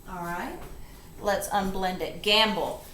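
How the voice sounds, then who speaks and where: A woman tutor walks a learner through a phonics lesson, slow and deliberate as she breaks words into sounds. Her voice sits at a middling pitch and comes from some distance off the mic. The room rings with a noticeable echo, and a faint hiss runs underneath. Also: steady tone, sharp tone. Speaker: reading tutor.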